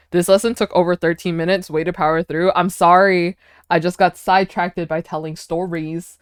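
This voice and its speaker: A woman's voice: lowish voice, steady tone, moderate pace, clear, resonant tone, no echo, studio quality, soft background music. A woman streaming casually as she works through a language lesson, chatting playfully and sounding out foreign words aloud. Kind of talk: casual livestream chat during a language lesson.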